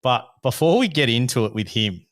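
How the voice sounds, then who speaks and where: Australian male host, thirties, hoarse, dry close sound, animated storyteller who laughs often. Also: mid-range voice, fairly quick, no echo. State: hoarse from illness. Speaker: podcast host. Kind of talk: casual chat.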